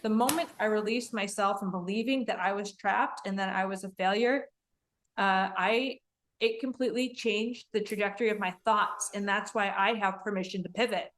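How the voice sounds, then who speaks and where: A woman's voice: medium pitch, moderate pace, a bit bright. A woman hosting an interview, speaking earnestly and reflectively from her own experience. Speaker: podcast host.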